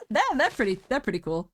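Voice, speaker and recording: A young British woman streaming a game, chatting casually, rambling and giggling as she talks. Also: mid-range voice. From Britain. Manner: sings along to music at times.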